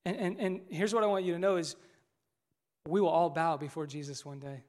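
A man preaching a sermon as lead pastor, swinging from loud emphasis to near whispers and calling on the congregation to answer back. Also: a little high, fairly even intonation, a little fast. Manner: asks congregation to call back responses.

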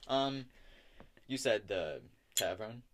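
A man's voice: on the low side, animated, slow, a bit bright, slight background noise. A man voicing a wry townswoman who gives directions in a tabletop game, in a dry, offhand way.

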